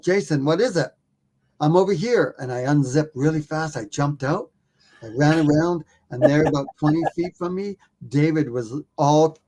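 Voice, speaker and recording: A documentary filmmaker appears as a podcast guest, telling a story in a casual, animated way with an offhand swear here and there and jokes at his own expense. His voice is on the high side.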